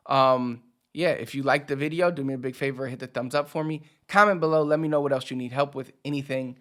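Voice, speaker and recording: A man giving a casual video lesson as a language teacher, relaxed, repeating key words slowly for emphasis. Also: mid-range voice.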